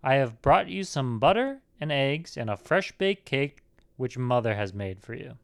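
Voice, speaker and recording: A man's voice: mid-range voice, big pitch swings, a little slow, gravelly. A man voicing an innocent, polite little girl in a storybook reading, with a raised, sweet lilting voice.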